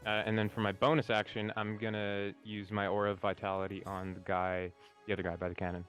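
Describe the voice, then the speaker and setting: A man's voice: lowish voice, monotone, fast, a bit bright, faint music behind. A man playing a tabletop game, casual, declaring his character's moves. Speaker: player.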